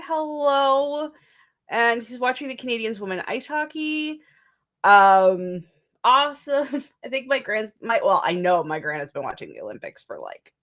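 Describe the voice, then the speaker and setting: A woman's voice: on the high side, fairly bright tone. A young woman hosting a live writing stream, chatting casually, laughing often and restarting her sentences as she goes.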